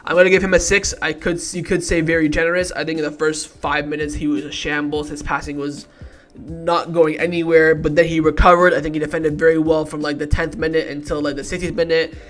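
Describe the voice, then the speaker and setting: A man's voice: fairly high pitch, brisk. A man hosting a football match review vlog, heated and ranting, swearing often as he rates the team. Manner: shifts from calm rating talk to loud outbursts. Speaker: football fan channel host.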